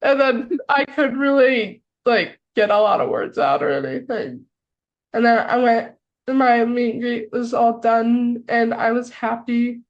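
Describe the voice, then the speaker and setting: An excitable young American woman tells a long story on a podcast. She speaks in a fairly high voice and scatters "like" through every sentence. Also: measured pace, lo-fi sound. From United States. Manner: excitable, filler-heavy with lots of "like". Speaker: podcast co-host. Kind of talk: casual storytelling chat.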